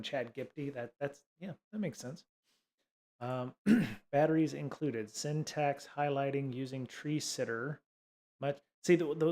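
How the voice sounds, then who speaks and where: Male stream host, mid-pitched voice, loose, sarcastic, full of fillers. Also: darkish tone. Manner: rambling, sarcastic asides, many fillers. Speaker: livestream host teaching coding. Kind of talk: casual livestream tutorial.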